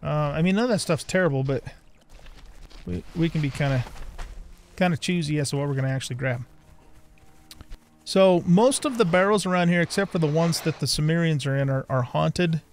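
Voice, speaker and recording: A man's voice: a little high, a little fast, slight background noise. Chatty older man narrating gameplay. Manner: chatty, rambling, bursts of excitement. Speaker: gaming channel host. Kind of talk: casual let's-play commentary.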